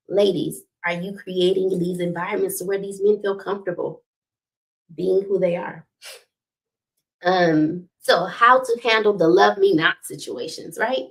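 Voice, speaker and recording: A woman's voice: medium pitch, steady tone, a little slow. A middle-aged woman hosting a relationship talk, preaching with faith references, repeating key points and asking "right?" often. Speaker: host of a relationship talk stream.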